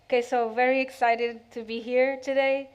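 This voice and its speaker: A woman's voice: on the high side, little pitch movement, normal speed, clear, resonant tone. A woman moderating an online panel discussion and inviting the guests to introduce themselves.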